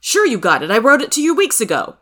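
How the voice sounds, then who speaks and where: A woman's voice: a little high, wildly swooping pitch, fast, pushed and bright, voice pushed up, exaggerated voice. A woman reading the part of an earnest, impatient wealthy man who talks insistently and urgently.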